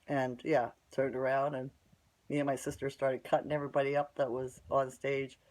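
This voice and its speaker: A woman's voice: a bass voice, level tone, normal speed, a little mellow. A woman telling a long story in a casual, rambling way, bluntly scornful and tagging her sentences with "right?". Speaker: vlogger.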